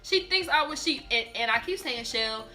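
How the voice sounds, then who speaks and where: A young woman telling a personal story in a casual vlog, animated and emphatic, often repeating and restarting her words. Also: fairly high pitch, moderate pace, faint music behind. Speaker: vlogger.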